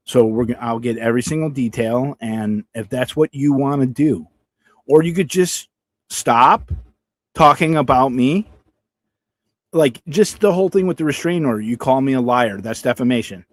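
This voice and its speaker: Guy, heated livestream rant, cusses a lot, sarcastic, mid-range voice. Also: medium pitch. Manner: heated, profane, sarcastic, repeats himself. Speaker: vlogger addressing a rival.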